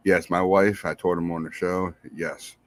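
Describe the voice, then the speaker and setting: A married man hosting a podcast, giving casual, rambling shout-outs to listeners and repeating himself in a friendly way. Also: sits low, little pitch movement, normal speed, no room sound. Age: adult, married. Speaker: podcast host.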